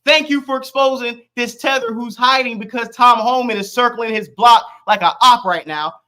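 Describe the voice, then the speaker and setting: Bright, combative streamer voice. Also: mid-range voice, moderate pace. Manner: loud, combative, profane, talks over others. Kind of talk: heated online debate.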